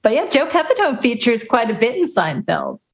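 A woman's voice: a little high, huge pitch swings, moderate pace. A woman co-hosting a podcast, chatting casually in a good-humored way and laughing easily. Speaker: podcast co-host.

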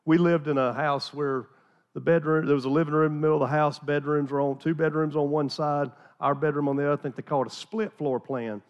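A man's voice: a little high, little pitch movement, fast talker, lo-fi sound. A middle-aged man from the American South, a pastor telling a folksy, self-deprecating story in a sermon, chatty with many restarts.

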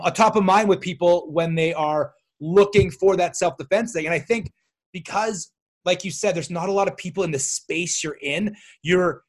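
High-voiced animated male podcast host. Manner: animated storyteller, laughs often. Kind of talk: casual interview chat.

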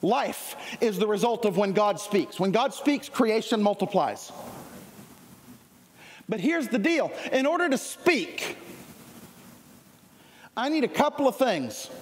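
A man preaching a sermon, energetic and conversational, often restarting his sentences. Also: high voice. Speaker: pastor. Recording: long hall reverb.

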